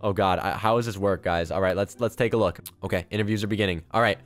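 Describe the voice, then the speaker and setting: A young man giving excited, chatty gameplay commentary, talking straight to his viewers. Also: lowish voice, quick pace, hardly any pauses, faint music behind. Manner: excitable, chatty, addresses viewers as guys and bro. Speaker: gaming YouTuber.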